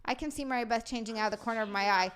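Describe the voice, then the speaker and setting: A woman hosting a casual comedy livestream, excitable and swearing as she reads super chats aloud and laughs a lot. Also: on the high side, very fast, clean tone. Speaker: streamer and podcast host.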